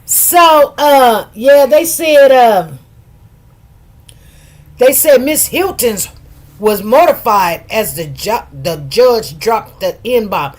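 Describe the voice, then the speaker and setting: A woman's voice: on the high side, lively intonation, very slow. Chatty middle-aged woman live-streaming. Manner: chatty, greets viewers by name, repeats words for emphasis. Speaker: livestream host. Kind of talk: casual live-stream chat.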